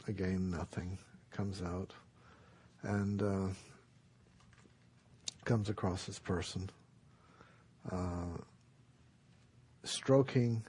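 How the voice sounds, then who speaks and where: A man giving a dharma talk, telling a traditional story in a relaxed, unhurried way with many pauses. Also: low-pitched. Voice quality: gravelly and very husky. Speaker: dharma teacher.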